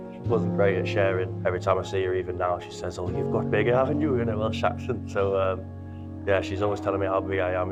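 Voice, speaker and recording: A young man in his twenties speaks softly and fondly, with a very deep and almost monotone voice. Loud instrumental music runs under his words. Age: 20s. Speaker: rugby player. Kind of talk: documentary interview.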